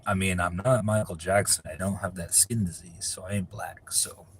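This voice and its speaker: A man's voice: deep voice, fairly even intonation, normal speed, a little hiss or hum. A man from California chatting casually on a live stream, reading viewer questions aloud and answering in a rambling, profane way. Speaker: livestreamer answering viewer chat.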